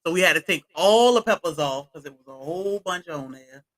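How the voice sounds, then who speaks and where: A woman's voice: fairly low pitch, animated, a little fast, fairly bright tone, poor audio. A woman chatting casually on a homestead livestream, greeting viewers from the chat by name as she talks.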